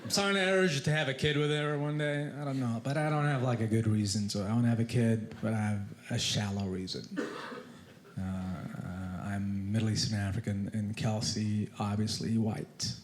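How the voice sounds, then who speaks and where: A man with a foreign accent doing animated stand-up storytelling with deadpan asides on a comedy club stage. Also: fairly low pitch, normal speed, a little hiss or hum. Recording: echoey club with loud laughter.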